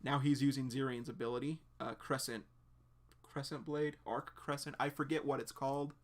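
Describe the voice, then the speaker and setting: An excitable man doing a casual live reaction to a webcomic. He rambles as he describes each panel and leans on filler words, with a voice of ordinary middle pitch. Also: moderate pace.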